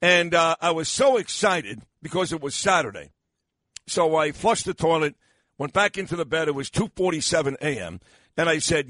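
A man's voice: fairly high pitch, fairly quick, fairly bright tone, no room sound. An older man hosting a morning radio talk show, rambling and self-mocking with lots of fillers, sounding tired and losing his voice. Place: radio studio.

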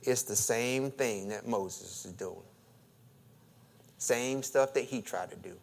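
A man preaching a sermon as pastor, drawing the congregation into call and response and acting out quoted questions with a rising lilt, swinging between loud emphasis and quiet asides. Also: lowish voice, slow pace, creaky.

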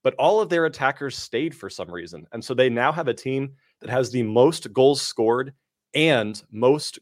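Dude breaking down soccer bets, dry close mic, rattles off stats confidently. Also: male voice, medium pitch, no echo. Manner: brisk, stat-heavy, confident picks. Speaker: soccer betting analyst. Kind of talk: sports betting analysis.

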